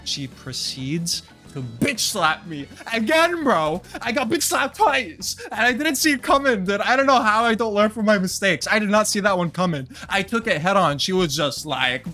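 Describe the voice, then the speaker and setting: Young guy, storytime vlogger, swears a lot, bright edge, soft music under. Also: sits high, normal speed. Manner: crude, profane, animated storytelling, bro-talk. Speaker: vlogger telling a personal story. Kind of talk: storytime monologue.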